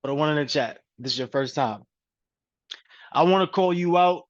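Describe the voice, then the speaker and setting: A man's voice: fairly high pitch, moderate pace. A man hosting a live video call as a coach, energetically calling out participants and repeating his prompts. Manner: energetic, repetitive shout-outs. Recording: dull, lo-fi call audio.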